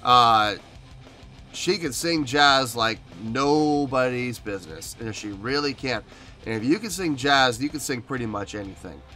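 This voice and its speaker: A man's voice: mid-range voice, lively intonation, a little slow, bright, forceful tone. A man hosting a music reaction video, talking earnestly and with emotion in a casual commentary style.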